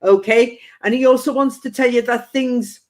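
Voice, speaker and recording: A woman's voice: fairly high pitch, fairly even intonation, moderate pace. A woman working as a spiritual medium, giving a chatty live-stream psychic reading and passing on spirit messages with playful quoted asides.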